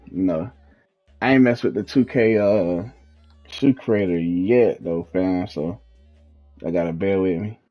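Laid-back young man, low mellow voice. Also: measured pace, pauses often, soft background music. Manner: laid-back slangy, trails off while thinking. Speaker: gaming video host. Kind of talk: casual gameplay walkthrough. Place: at home, in his fiancée's house.

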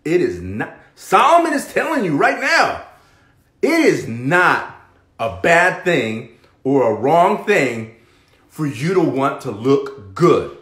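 A man's voice: a little high, slow pace, reverberant. A man hosting a fitness live stream, giving a motivational pep talk and checking in with "okay?" between points. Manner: pep-talk, keeps asking "okay?" and "right?"; animated, swings between loud and hushed.

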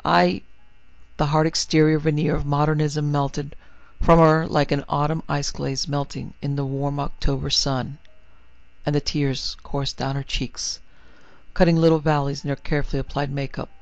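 A man reading a horror story in a steady, vivid narrating voice. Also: fairly high pitch, moderate pace, vocal fry, no room sound. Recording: dry, slightly muffled recording.

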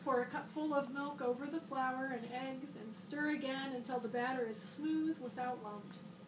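A woman with a high voice reads a picture book aloud to children, lifting her voice brightly for the boy's shouted lines. She sits a little away from the mic. The room is echoey, with steady noise behind her. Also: normal speed, far from the mic. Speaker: school librarian.

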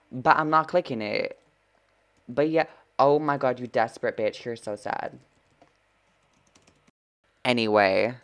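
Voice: medium pitch, fairly even intonation, slow pace, pauses often, a bit bright. A gameplay streamer giving live commentary, full of sassy trash talk, swearing and dramatic gasps.

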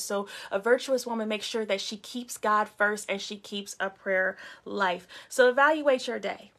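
A woman's voice: mid-range voice, unhurried, few pauses, fairly bright tone. A young adult woman hosting a faith talk show in a casual teaching style, speaking straight to her viewers and greeting them by name.

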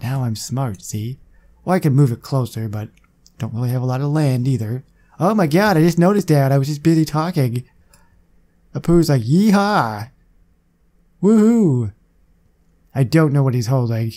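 A man with a medium-pitched, dark-toned voice talks briskly while hosting a gaming video. He chats casually to himself as he plays, giving relaxed let's-play commentary.

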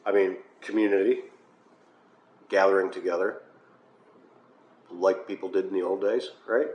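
A man's voice: sits low, steady tone, moderate pace, darkish tone. An American man, a pastor, leading a Bible study in a conversational way, with filler uhs and wry asides. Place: church hall. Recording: echoey room, faint noise.

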